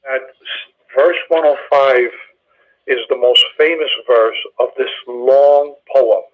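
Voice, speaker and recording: A man explains Hebrew grammar in a methodical, hesitant manner, pausing often. His voice is husky and dull, coming through a muffled phone line. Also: medium pitch. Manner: hesitant, many uh fillers, methodical. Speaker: study group participant.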